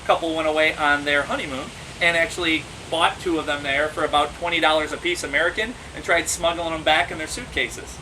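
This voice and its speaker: Animated, high-voiced man. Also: fairly quick, few pauses, far from the mic, background noise. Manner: animated, laughs often, acts out quoted voices. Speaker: pet monkey owner. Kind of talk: casual storytelling.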